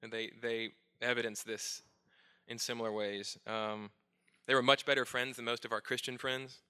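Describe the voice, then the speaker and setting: A man's voice: mid-range voice, flat delivery, moderate pace, bright, forceful tone, clear, resonant tone. A middle-aged male pastor preaching a sermon, earnest and self-searching with touches of light humor.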